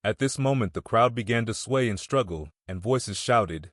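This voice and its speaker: An audiobook narrator with a voice on the low side reads a classic novel as scripted narration, keeping a measured, steady pace. The recording is dry and close, with no room sound.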